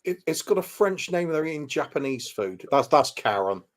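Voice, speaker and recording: A man's voice: a little high, big pitch swings, normal speed. A man co-hosting a casual chat, adding dry, teasing remarks. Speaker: co-host.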